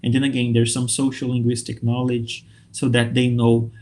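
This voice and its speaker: A man from Brazil giving an online talk to English teachers, upbeat and lively, checking in often with his listeners. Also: medium pitch, normal speed. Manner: lively, upbeat, checks in with frequent okay and right.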